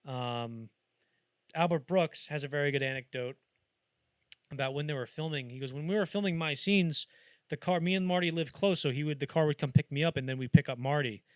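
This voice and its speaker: A man's voice: on the high side, a little fast, no echo. A man hosting a podcast, chatting casually about film history and acting out anecdotes as he rambles along. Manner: rambling storyteller who acts out quotes. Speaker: podcast host.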